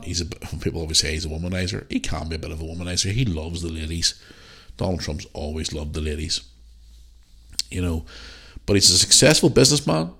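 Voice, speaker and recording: A Northern Irish man talks casually on his own podcast, speaking bluntly and swearing as he airs his opinions. His voice sits on the low side, and he sounds sniffly as he gets over a bout of flu. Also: a bit bright. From Northern Ireland. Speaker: podcast host. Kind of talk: casual solo podcast rant.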